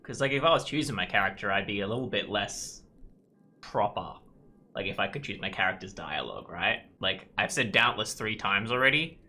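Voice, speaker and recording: A man's voice: on the low side, lively intonation, brisk, sharp tone. A young man streaming a game, reading its text aloud and making joking comments. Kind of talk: casual gaming commentary.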